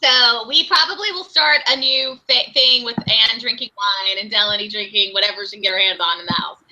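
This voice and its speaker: Woman co-host from North Carolina, high and very bright, bubbly chat. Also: fairly quick, muffled recording. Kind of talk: casual podcast chat.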